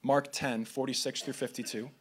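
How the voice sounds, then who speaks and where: A man giving a sermon to a gathering, pitched at an everyday middle level for a man. He reads scripture passages aloud in a running, conversational way. He sometimes trips and restarts his phrases. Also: steady tone, moderate pace, husky. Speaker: preacher.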